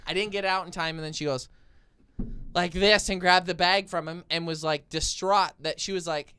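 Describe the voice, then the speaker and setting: A man hosting a podcast, telling a story in casual chat, animated and laughing often. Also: sits high, normal speed, clear, resonant tone, no room sound. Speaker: podcast host.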